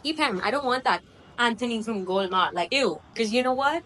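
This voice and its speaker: A woman's voice: on the high side, lively intonation, brisk, bright, forceful tone, a little hiss or hum, rough recording. A woman of about twenty, chatting candidly and rambling to her phone camera in a casual vlog, with plenty of swearing. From India. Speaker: vlogger.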